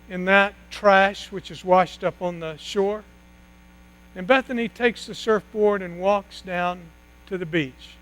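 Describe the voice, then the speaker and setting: Man, high voice, sermon, dramatic pauses, hushed drops, mains hum. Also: low-quality recording. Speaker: pastor.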